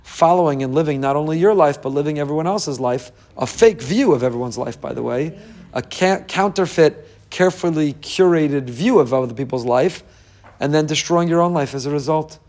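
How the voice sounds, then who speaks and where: A man's voice: a little high, moderate pace, darkish tone. Earnest middle-aged male religious teacher, sermon delivery, builds force through repetition. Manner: earnest, emphatic, piles up repeated phrases. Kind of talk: inspirational sermon.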